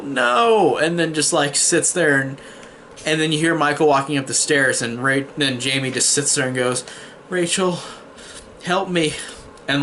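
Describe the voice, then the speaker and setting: A man's voice: a little high, sharp tone, slight background noise. A man giving a casual, rambling spoiler review of a horror film, swearing freely and filling his talk with "like" and restarts. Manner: rambling, profane, full of "like" and restarts. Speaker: movie reviewer.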